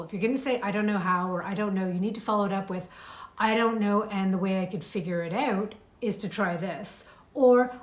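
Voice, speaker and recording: Woman coaching in a roomy space. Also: medium pitch. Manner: lively, conversational, acts out inner thoughts. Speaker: mindset coach. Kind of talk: coaching talk to camera. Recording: roomy echo.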